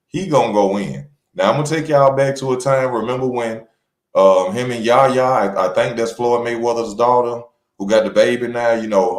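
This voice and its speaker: A man's voice: lowish voice, echoey room. A man, giving casual, slangy boxing news commentary to viewers that turns heated and emphatic.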